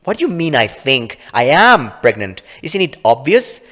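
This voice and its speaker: A man's voice: medium pitch, sing-song, moderate pace, a bit bright, voice pushed up. Male reader doing a frantic young woman who turns commanding; storybook reading with hall reverb. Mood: distressed. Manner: pleading, then commanding. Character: desperate young pregnant-believing woman, frightened and defiant. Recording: long reverb.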